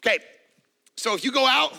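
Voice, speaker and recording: A middle-aged man preaching a sermon as a pastor, animated, acting out little voices and jokes. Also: extremely high pitch, a little fast, creaky. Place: church auditorium.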